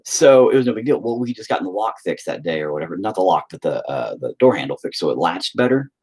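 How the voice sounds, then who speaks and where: A man's voice: low voice, sing-song, quick pace, darkish tone, husky. A man telling a rambling, profane story in a casual chat with his viewers. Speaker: streamer.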